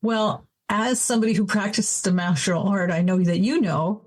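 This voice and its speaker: An older woman with a Canadian accent, a guest on a podcast interview, explaining her work as an adult educator in a measured, thoughtful way. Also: mid-range voice, husky, low-quality recording.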